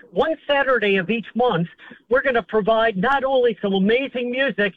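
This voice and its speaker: High-voiced man on a tinny phone line. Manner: eager, promotional. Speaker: festival volunteer guest. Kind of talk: phone interview.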